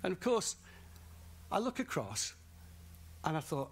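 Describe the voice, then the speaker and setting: A man's voice: a little high, big pitch swings, unhurried, slight background noise. A man from northern England with a Northern English accent, preaching a sermon at a festival and telling a comic story. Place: large festival tent or hall.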